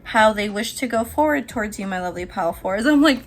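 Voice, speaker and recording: Chatty animated woman tarot reader. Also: mid-range voice, quick pace. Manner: chatty, animated, swearing, laughing often. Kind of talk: casual tarot reading.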